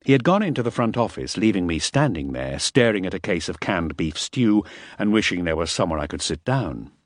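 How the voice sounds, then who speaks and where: A man narrating a first-person novel in a measured, wry storytelling manner. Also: deep voice, sing-song, no echo. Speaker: audiobook narrator.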